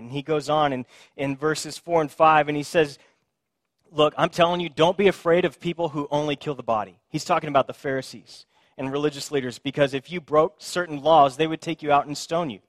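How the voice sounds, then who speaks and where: A man's voice: medium pitch, no room sound. Man preaching in a dry, close sound. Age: young adult or middle-aged. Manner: conversational preaching, playful asides. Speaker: pastor. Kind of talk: sermon.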